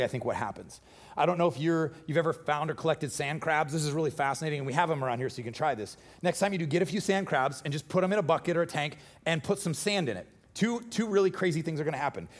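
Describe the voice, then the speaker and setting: A man preaching a sermon in a church, casual and joking, with animated bursts of energy. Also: fairly high pitch. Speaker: pastor.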